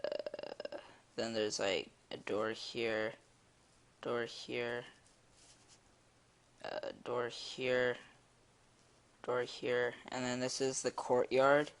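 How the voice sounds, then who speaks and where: A teenage boy telling a story in a casual vlog, rambling and excitable, with many fillers. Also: medium pitch, drawn-out words, long pauses, clean tone. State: eating while talking. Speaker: vlogger. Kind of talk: casual storytelling while drawing.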